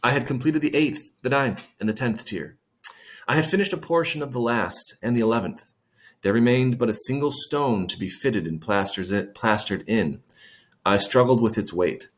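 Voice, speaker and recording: A man's voice: medium pitch, moderate pace. A man reading a classic short story aloud, stopping to explain old words in plain terms and adding dry asides. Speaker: reader.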